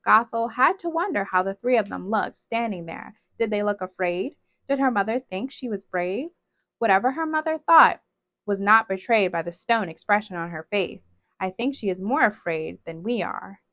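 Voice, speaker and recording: A woman's voice: mid-range voice, lively intonation, normal speed, no room sound. Woman reading a storybook aloud. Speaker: storybook reader. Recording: dull lo-fi dry sound.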